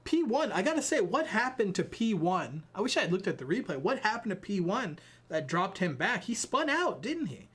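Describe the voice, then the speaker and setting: Young male streamer, tired, chatty and self-mocking; lively, high-pitched voice. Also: moderate pace, hardly any pauses, slightly rough. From Ireland. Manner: rambling, self-deprecating, talks to chat while fiddling with gear. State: tired and sweating. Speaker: sim racing streamer. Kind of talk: casual live-stream chat.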